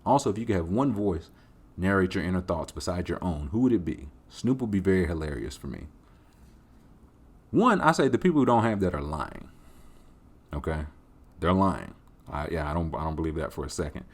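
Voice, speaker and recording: A man's voice: low voice, lively intonation, brisk, pauses often, slightly rough. A man hosting a podcast, answering listener questions in a rambling, joking, casual way with slang and the odd swear. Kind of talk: casual chat.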